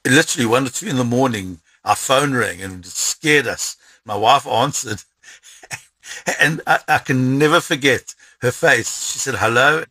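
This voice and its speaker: Middle-aged south african guy, raspy bright voice, animated storyteller, dry close sound. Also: medium pitch, measured pace, dry recording. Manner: animated storyteller, repeats words when excited. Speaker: interviewee. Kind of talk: storytelling in an interview.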